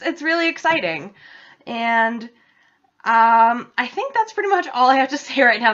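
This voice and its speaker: Chatting loosely with her vlog viewers, this young adult woman from New England wanders off topic and interrupts herself. She speaks at a medium pitch with a slightly bright quality, captured in a flat, lo-fi home setup.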